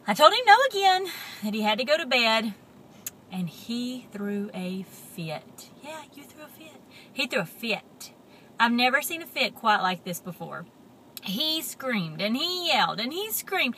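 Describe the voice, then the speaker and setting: A woman telling a children's story with a lively, swooping voice, bright and clear. She acts out every beat and slips into hushed whispers. Faint background noise sits under her. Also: mid-range voice, normal speed. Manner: animated, expressive, dips into whispers.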